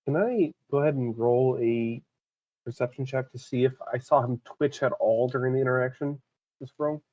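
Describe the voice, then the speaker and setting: A man's voice: mid-range voice, moderate pace, dull audio. A man playing a tabletop game, chatting with laughs and swearing. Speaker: player.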